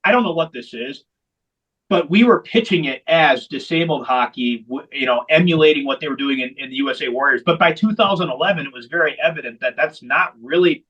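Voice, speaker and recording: A man's voice: a little high, fairly quick, a bit bright, husky, dull audio. A man who founded a veterans hockey program, telling its story in an interview with candid, emphatic repetition. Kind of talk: long-form interview storytelling.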